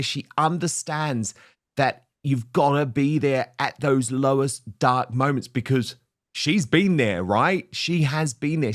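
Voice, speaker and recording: A man hosting a political talk show, delivering his lines in an emphatic, rousing way. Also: mid-range voice. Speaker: host.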